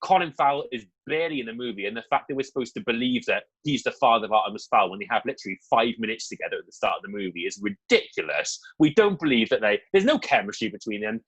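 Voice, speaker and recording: A man's voice: medium pitch, lively intonation, quick pace, few pauses, a bit bright, breathy edge, poor audio. Man, young adult, film review co-host, casual chat, candid, filler-heavy. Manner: chatty, candid, lots of fillers and asides.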